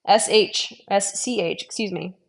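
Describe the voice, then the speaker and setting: A woman giving an online language lesson, modelling sounds slowly, repeating them and adding friendly, encouraging asides. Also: medium pitch, gravelly. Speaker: language teacher.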